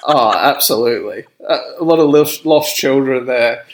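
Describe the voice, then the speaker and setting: A man's voice: medium pitch, moderate pace, very noisy. A young Australian man, a podcast guest, telling a rambling story in casual chat and laughing as he goes. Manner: laid-back, rambling, laughs through his story.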